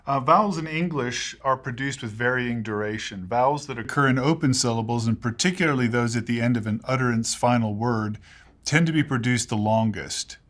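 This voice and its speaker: A man explaining English pronunciation in a lesson, measured and precise, giving spoken examples. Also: medium pitch, fairly bright tone.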